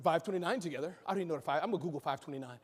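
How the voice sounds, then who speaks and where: A man giving an energetic conference keynote, joking and bantering with the audience from the stage. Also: fairly high pitch, very fast. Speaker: keynote speaker. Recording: echoey hall reverb.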